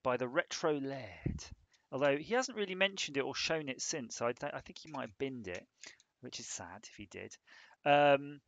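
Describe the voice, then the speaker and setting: A man's voice: medium pitch, expressive, normal speed, fairly bright tone, highs cut off, a little hiss or hum. A man on a casual live stream, rambling and joking while he thinks aloud about a hardware design.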